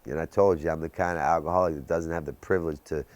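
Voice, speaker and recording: A man's voice: extremely low pitch, fairly even intonation, fast, no echo. A man in his thirties giving an intense personal testimony about addiction and recovery, building his story with rhetorical questions. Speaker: recovery speaker.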